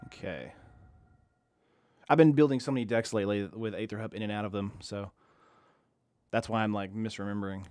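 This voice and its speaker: A man's voice: fairly low pitch, brisk, pauses often, darkish tone, no echo, studio quality. A young man casually commenting while he streams an online card game, chatty and self-deprecating, reading viewers' chat aloud.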